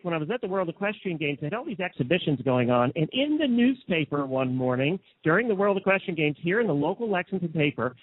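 Chatty and eager, a Lexington-area show host in the United States tells stories during a casual radio interview. He speaks with a fairly high pitch, and the recording is dry and phone-like, narrow, with no room sound.

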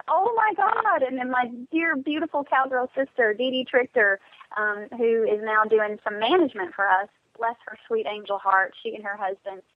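A woman's voice: mid-range voice, no room sound. Bubbly woman on a muffled phone line. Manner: bubbly, effusive, gushing. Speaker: guest country singer. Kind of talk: casual radio interview.

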